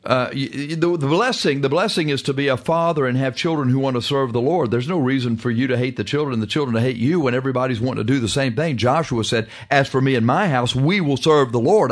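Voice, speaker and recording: Emphatic male preacher. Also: mid-range voice. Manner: emphatic, drawn-out preaching with sudden fast stretches; reads scripture in old-fashioned wording. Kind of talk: radio sermon with scripture reading.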